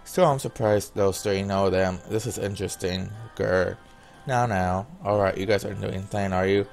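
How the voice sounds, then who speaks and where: A man with a very low, gravelly voice reads a visual novel's lines aloud, one after another, in his own plain voice. Now and then he breaks off to comment casually, and faint music sits behind him. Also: fairly quick, a little mellow. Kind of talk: reading game dialogue aloud with asides.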